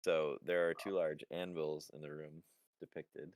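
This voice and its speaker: A man narrating as game master in a relaxed, halting way with many fillers. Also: very deep voice, no echo, studio quality.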